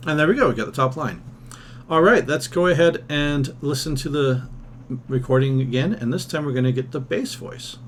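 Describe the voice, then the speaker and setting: A man's voice: on the high side, moderate pace, slight background noise. A man teaching a music theory lesson, thinking aloud and singing solfège and scat syllables to demonstrate, with casual, self-deprecating asides. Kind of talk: recorded ear-training lesson.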